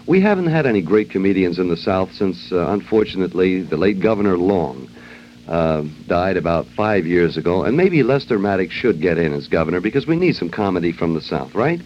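A man's voice: deep voice, big pitch swings, a little fast. A man hosting a radio show, delivering a wry, ad-libbed comic monologue on an old lo-fi broadcast. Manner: wry, joking, loose ad-libbing. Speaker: radio host. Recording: dull lo-fi old radio recording with faint hiss.

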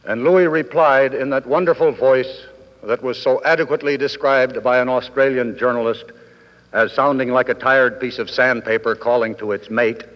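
A man in his fifties giving a formal convention speech with dry wit and measured, deliberate pauses. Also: mid-range voice, steady tone, slight background noise. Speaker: guest speaker at a convention. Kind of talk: formal after-dinner speech. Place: large hotel ballroom. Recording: old 1960s broadcast recording, dull, with long hall reverb.

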